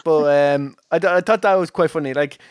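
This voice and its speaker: A man's voice: a little high, a little fast, smooth, dry recording, clean studio sound. A man hosting a podcast from home, chatting casually with lots of fillers and frequent laughter. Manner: rambling, many fillers, laughs often. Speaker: podcast host. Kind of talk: casual chat.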